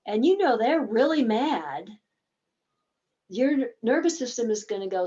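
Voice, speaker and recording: Mellow-voiced woman teaching a webinar. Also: a little high, expressive, normal speed, dull audio. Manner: explains with examples, briefly acting out game dialogue. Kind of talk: conversational teaching talk.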